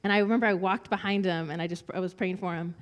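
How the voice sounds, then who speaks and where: A woman's voice: lowish voice, fairly even intonation, quick pace, big-room sound. A woman giving a personal testimony, telling a story and acting out the voices of the children in it. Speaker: speaker sharing a testimony.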